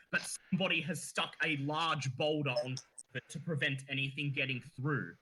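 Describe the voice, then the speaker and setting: A man narrating a tabletop game as dungeon master, halting with frequent fillers. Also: on the high side, fairly even intonation, sharp tone, rough recording.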